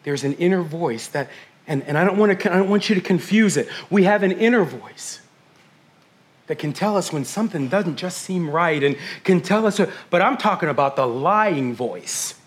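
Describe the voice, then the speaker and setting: A middle-aged man preaching a sermon as pastor, fast and intense, swinging from hushed whispers to loud bursts. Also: sits high, expressive.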